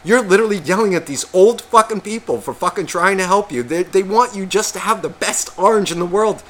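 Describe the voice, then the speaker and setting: A sick man co-hosting a podcast tells a long, profane story that pokes fun at himself, acting out what other people said. His voice sits high with a fairly bright tone, and he talks briskly in a casual storytelling chat.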